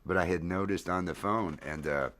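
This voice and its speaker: A man hosting a live stream, chatting loosely with viewers and greeting them by name while high. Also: moderate pace. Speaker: livestream host and musician. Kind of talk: casual chat to a live stream audience. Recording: echoey room with loud music behind. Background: loud music.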